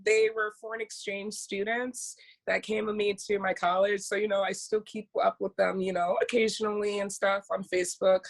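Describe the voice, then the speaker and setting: Young american woman on a podcast, chatty, acts out what people said. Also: mid-range voice. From United States. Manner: animated storytelling, acting out quotes. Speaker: podcast co-host. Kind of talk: casual chat.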